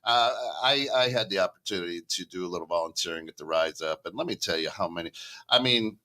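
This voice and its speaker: A man's voice: deep voice, fast, bright, forceful tone. A man co-hosting a casual internet radio talk show, joking and reading listener comments aloud. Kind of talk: casual chat.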